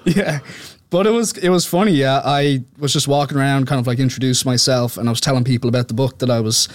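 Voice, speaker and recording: An author appearing as a podcast guest tells his story in loose, casual chat, rambling, laughing easily and filling his sentences with "like." His mid-range voice moves at a quick pace, with no echo.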